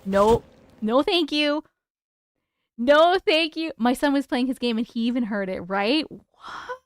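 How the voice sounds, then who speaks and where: A woman hosting a casual live stream from her desk at home, chatty and excitable, swearing freely. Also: sits high, a little slow, smooth, no echo.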